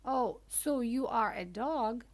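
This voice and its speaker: A woman's voice: a little high, lively intonation, takes it slowly. A woman voicing a small band of sly, thieving martens in a children's storybook, with wheedling questions.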